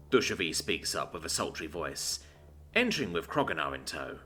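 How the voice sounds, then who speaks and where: A man narrating a story in an expressive, lively reading. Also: very deep voice, moderate pace, soft background music.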